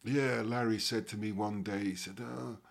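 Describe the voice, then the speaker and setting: Scouse guy in his 60s, lowish voice, rambles on with lots of you know what i mean. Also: steady tone, normal speed. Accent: Liverpool Scouse. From Liverpool, England. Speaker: actor guest. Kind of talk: casual interview reminiscing.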